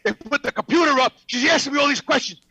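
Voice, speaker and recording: Older New guy, podcast regular; loud, animated, sharp-toned storyteller who swears constantly. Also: very high voice, fast talker, poor audio. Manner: loud, animated, swearing, acts out other people. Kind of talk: profane storytelling.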